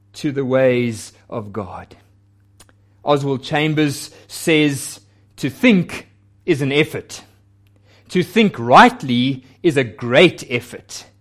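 A male pastor with a fairly high voice preaches a sermon slowly, spacing out each phrase and leaning into quoted lines with earnest emphasis.

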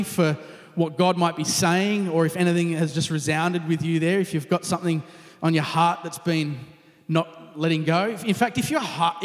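High-voiced man preaching in a reverberant hall. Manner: conversational, dropping to a near whisper at times. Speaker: pastor. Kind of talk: sermon.

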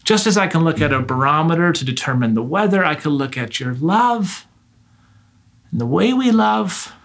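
A man's voice: a little high, lively intonation, normal speed, vocal fry, fairly bright tone. A man preaching a sermon, earnest and direct, asking his listeners rhetorical questions.

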